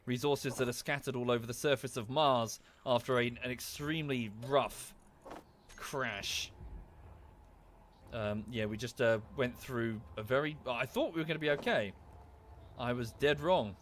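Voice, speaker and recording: A man's voice: mid-range voice, unhurried, fairly bright tone, a little hiss or hum. A man with an Estuary English accent chatting casually while playing a game, thanking viewers by name and thinking aloud. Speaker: streamer. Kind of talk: casual gameplay commentary.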